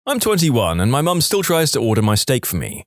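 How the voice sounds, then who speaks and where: A man reading internet stories aloud in an expressive, playful storytelling manner. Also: medium pitch, a little fast, dry recording, clean studio sound. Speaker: story narrator.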